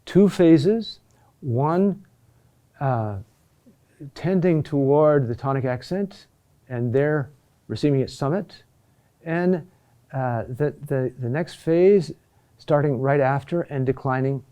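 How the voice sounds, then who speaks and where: A middle-aged man gives a recorded lesson at an unhurried, deliberate pace. His voice is mellow and dark, and he often pauses with fillers and restarts his phrases. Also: mid-range voice, animated. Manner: slow and halting, with many fillers and restarts. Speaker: teacher. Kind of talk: recorded lesson on Latin chant accentuation.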